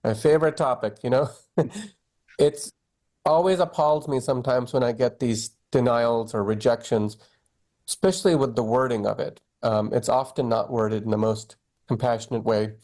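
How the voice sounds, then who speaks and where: Middle-aged male doctor guest, candid, conversational, lively storytelling. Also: medium pitch, normal speed. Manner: candid, animated storytelling with quoted dialogue. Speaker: oncologist guest. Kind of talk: conversational interview.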